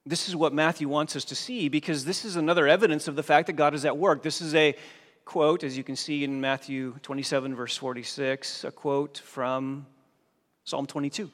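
A male pastor preaching a sermon, dropping to a hush and then rising to loud, forceful emphasis. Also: on the high side, fairly even intonation, normal speed. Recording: long hall reverb.

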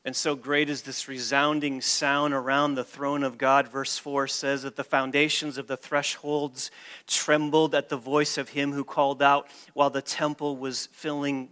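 A man preaching a sermon, emphatic, with loud stressed points and hushed, quiet lines. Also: mid-range voice.

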